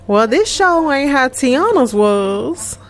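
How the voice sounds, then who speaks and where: Animated, chatty woman gamer. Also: high voice, slow pace. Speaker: let's play host. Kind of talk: casual gameplay commentary.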